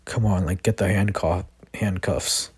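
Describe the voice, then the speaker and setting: A man's voice: low-pitched, steady tone, unhurried, slightly rough, dry recording. A man voicing a brash, aggressive male hero in a fan-made spoken story, reading the quoted lines plainly.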